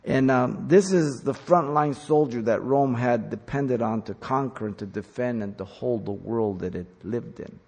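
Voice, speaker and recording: Gravelly emphatic man preaching in a hall. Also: medium pitch, moderate pace, hardly any pauses. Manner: emphatic, rising to loud commands. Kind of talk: sermon. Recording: long hall reverb.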